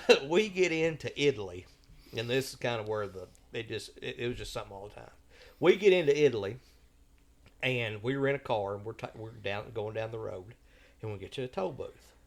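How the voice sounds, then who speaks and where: A man's voice: medium pitch, animated, brisk. Folksy man spinning a yarn. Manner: folksy, drawling, acts out quoted voices. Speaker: podcast host telling a travel story. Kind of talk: casual storytelling.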